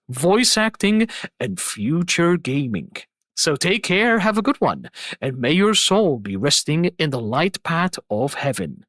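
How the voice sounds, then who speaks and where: A woman's voice: mid-range voice, fairly bright tone, no room sound. A young adult woman streamer signing off in casual chat, effusive and rambling, repeating her thanks over and over. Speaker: streamer host.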